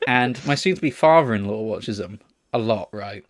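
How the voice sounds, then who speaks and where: A man's voice: on the low side, expressive, normal speed, no echo. Chatty, laughing male podcast host. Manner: chatty anecdotes with swearing and laughter. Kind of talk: casual chat.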